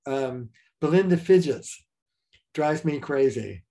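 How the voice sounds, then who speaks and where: An older man speaks with a dark, mellow tone as a guest therapist in an interview. His talk is frank and anecdotal, full of fillers and quick restarts. He sounds unhurried and plain-spoken. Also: on the high side, lively intonation.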